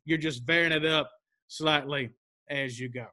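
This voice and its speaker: Guy teaching a class, pretty high voice, plain talk, hits each step hard, dry sound. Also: fairly even intonation, moderate pace, bright, forceful tone, no room sound. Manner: plain-spoken, stresses key steps. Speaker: instructor. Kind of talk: instructional talk.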